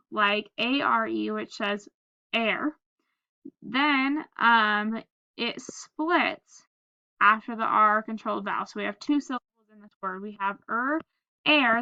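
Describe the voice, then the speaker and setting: A woman's voice: fairly high pitch, dry recording, dull audio. A woman teacher giving a phonics lesson, patiently spelling words letter by letter and prompting the class to read along. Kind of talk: phonics lesson, reading aloud slowly.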